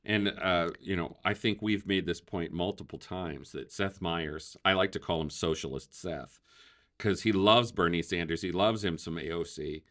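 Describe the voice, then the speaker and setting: A man's voice: low voice, moderate pace, a bit bright. A man hosting a casual political talk show, chatty, laughing often and using many fillers. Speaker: podcast host.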